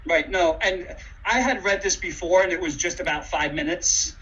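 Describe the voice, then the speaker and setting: Man, slightly high voice, quick agreeable replies, muffled call audio. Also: sharp tone. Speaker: student speaker. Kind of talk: casual video call chat. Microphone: video call. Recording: muffled video call with faint noise.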